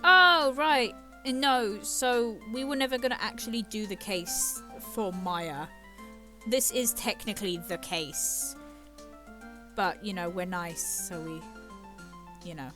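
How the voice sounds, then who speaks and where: A woman's voice: medium pitch, takes it slowly. A woman streamer chatting animatedly while playing a game. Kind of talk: game let's play commentary. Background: game music.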